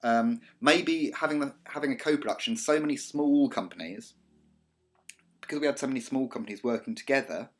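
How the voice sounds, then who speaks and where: A man's voice: medium pitch, a little fast. A man with a southern English accent, a college media teacher talking over slides in a recorded lecture, chatty and digressive with many ums and restarts. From Britain. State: slight cough.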